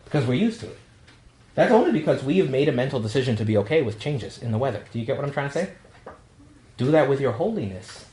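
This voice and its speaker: Joking New York priest in an echoey room. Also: male voice, mid-range voice, sing-song, fast, mellow. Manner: storytelling, jokey, acts out quotes. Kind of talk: talk to a young adult group. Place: meeting room.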